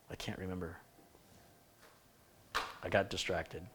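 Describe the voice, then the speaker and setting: Male live-stream tech host, somewhat low voice, chatty and rambling, corrects himself mid-sentence. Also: little pitch movement, slow pace, background noise. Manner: thinks aloud, rambling with self-corrections. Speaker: computer repair host.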